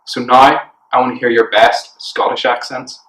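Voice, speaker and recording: A man's voice: mid-range voice, level tone, normal speed, a bit bright. A man presenting a children's church program, cheerful and encouraging. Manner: cheerful, encouraging, talks straight to the kids. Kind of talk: upbeat kids' presenting. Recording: roomy, distant mic.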